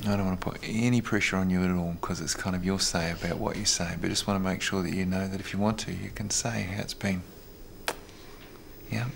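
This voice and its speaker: A man, facilitating a family meeting with gentle, measured questions. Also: low-pitched, steady tone, creaky, slight background noise. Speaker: conference facilitator. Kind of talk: calm mediation talk.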